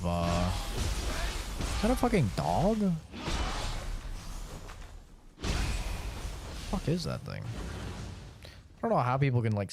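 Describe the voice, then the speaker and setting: A man's voice: deep voice, a little hiss or hum. A man streaming a game, chatting casually in a profane, laid-back, rambling way. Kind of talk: casual chat while gaming.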